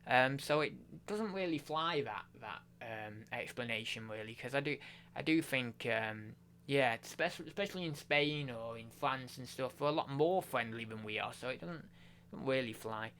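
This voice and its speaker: A man's voice: mid-range voice, normal speed, fairly bright tone, slight background noise. A man chatting casually on a live stream, rambling with lots of fillers and restarts.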